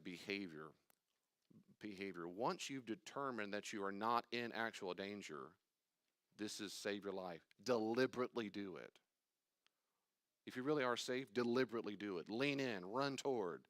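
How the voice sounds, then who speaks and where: In studio quality with no echo, an older pastor with a fairly low, somewhat bright voice leads a church study class at normal speed. His style is emphatic and conversational, voicing anxious inner thoughts and straying into side remarks.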